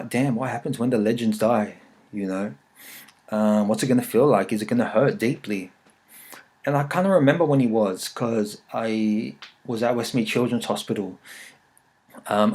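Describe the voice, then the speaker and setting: A man's voice: on the low side, a little mellow. Profane rambling man. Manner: rambling, profane, jokey storytelling. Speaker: podcast host. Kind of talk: casual chat.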